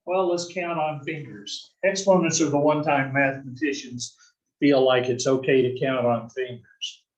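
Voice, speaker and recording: A man teaching an algebra class, explaining slowly and answering his own questions as he goes. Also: mid-range voice, steady tone, echoey room, recorded from a distance, muffled recording. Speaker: math instructor. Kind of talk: recorded classroom lecture.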